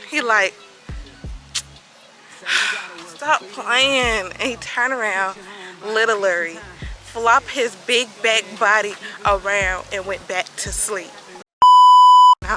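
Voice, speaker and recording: Bright-voiced young woman telling a story. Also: fairly high pitch, rough recording. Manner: animated, dramatic retelling that acts out quoted voices. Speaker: vlogger. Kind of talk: casual storytime vlog.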